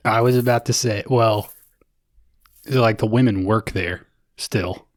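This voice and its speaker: A man's voice: fairly low pitch, unhurried, no room sound, clean studio sound. A man co-hosting a podcast, loose and joking with plenty of swearing. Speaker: podcast co-host. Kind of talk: casual banter.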